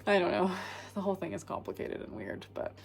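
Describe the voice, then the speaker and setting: A woman's voice: big pitch swings, fairly quick, gravelly, breathy edge. A young woman hiking alone, talking candidly to camera in a hesitant, filler-heavy way. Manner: hesitant, lots of fillers and restarts, low-key. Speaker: solo hiker vlogger. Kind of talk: candid vlog talk to camera. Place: indoors, small locked woodshed at night.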